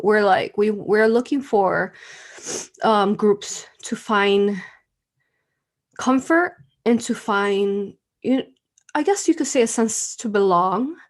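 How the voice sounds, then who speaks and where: Woman, spiritual live stream host, emotional and heartfelt, medium-pitched voice, lots of soft fillers. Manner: emotional, tearful at times, with soft laughs and many fillers. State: tearful.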